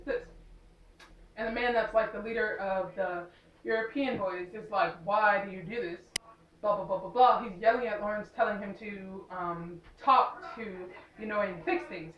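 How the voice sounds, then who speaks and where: A woman's voice: mid-range voice, roomy sound, far from the mic, lo-fi sound. A young woman casually recapping a movie, rambling with lots of fillers and sarcastic asides. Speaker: movie reviewer.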